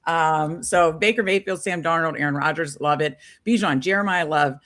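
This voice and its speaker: A woman's voice: low-pitched, moderate pace, fairly bright tone. A woman co-hosting a live stream, chatting casually and upbeat with many fillers. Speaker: podcast co-host.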